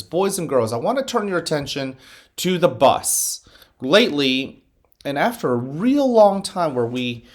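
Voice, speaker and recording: A middle-aged man speaks as a school principal, leading a slow mindfulness exercise and cheering students on through the morning announcements. His pitch moves freely up and down as he guides and encourages them. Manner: calm, slow guiding voice during breathing exercise; upbeat, encouraging address to students.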